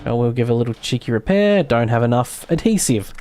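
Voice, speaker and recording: A man's voice: medium pitch, lively intonation, a little fast, darkish tone, soft background music. A man streaming a video game, thinking aloud in casual, self-mocking commentary.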